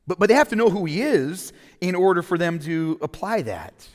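A man preaching a sermon, opening in prayer and talking conversationally, slowing down to dwell on quoted scripture. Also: high voice, animated, big-room sound. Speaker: pastor.

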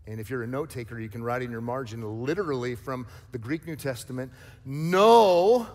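A man's voice: mid-range voice, breathy edge, in a large hall. A male pastor preaching a sermon, emphatic and conversational, with light jokes and asides. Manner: emphatic preaching with rising, forceful stresses.

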